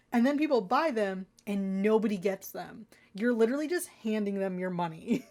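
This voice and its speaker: A woman's voice: medium pitch, moderate pace, dark tone. A woman vlogger ranting in an exasperated, rambling way, talking straight to her viewers. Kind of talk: ranting consumer-warning vlog.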